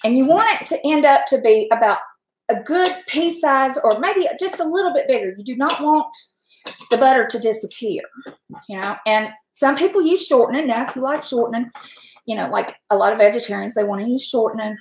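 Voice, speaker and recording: A middle-aged woman chats her way through a home cooking stream, folksy and quick, laughing often. Her voice sits a touch high. The kitchen gives it a roomy echo. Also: expressive, slight background noise. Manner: chatty, folksy, laughs often, talks fast from nerves. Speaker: home cook and channel host. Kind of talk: casual cooking livestream chat. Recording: echoey kitchen room.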